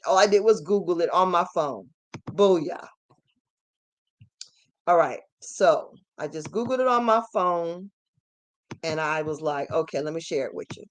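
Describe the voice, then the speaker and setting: Emphatic woman, ranting. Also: on the high side. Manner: emphatic, repetitive, rising to shouts. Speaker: channel host. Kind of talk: ranting commentary monologue.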